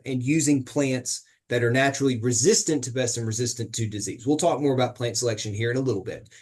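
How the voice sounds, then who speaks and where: A man's voice: a little high, darkish tone. A man teaching an online gardening webinar in a conversational, teasing way, often asking his audience questions. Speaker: horticulture educator.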